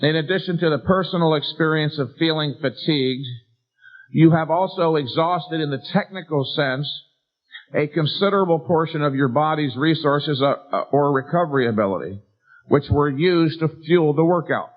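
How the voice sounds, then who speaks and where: A man's voice: fairly high pitch, normal speed. A middle-aged man giving a bodybuilding seminar lecture, emphatic and lecturing, with rhetorical questions to a live audience. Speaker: seminar speaker. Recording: tinny lo-fi 1990s lecture recording.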